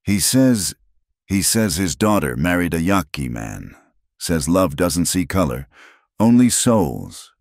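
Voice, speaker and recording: A man voicing a steady young Navajo warrior who speaks in a calm, measured way. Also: sits low, no echo, studio quality, heavily acted. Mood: translating.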